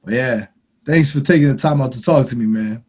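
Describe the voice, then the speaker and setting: A man hosting a casual interview, friendly and eager, tossing out quick questions with lots of "yo". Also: medium pitch, a little mellow, a little hiss or hum. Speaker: interview host, channel owner.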